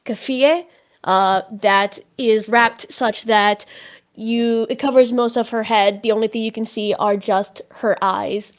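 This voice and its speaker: Slow, careful woman player. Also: medium pitch. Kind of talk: describing her character. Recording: dull online call audio.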